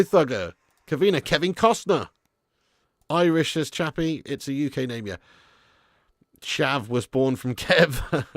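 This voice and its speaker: A man's voice: fairly high pitch, no echo, clean studio sound. A man hosting a casual live stream from his garage, reading viewer comments with laddish, swearing banter. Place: home garage studio.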